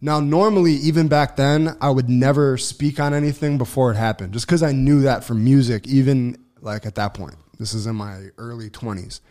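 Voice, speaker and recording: A man telling a long personal story on a casual podcast, swearing freely, restarting sentences and getting loud when excited. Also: medium pitch, normal speed, few pauses. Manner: profane, rambling, lots of restarts and fillers; gets loud and excited when reliving events. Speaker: podcast co-host.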